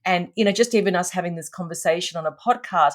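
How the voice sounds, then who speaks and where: A middle-aged woman, a podcast guest telling stories with animated emphasis. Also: lowish voice, fast. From Australia. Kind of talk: storytelling in conversation.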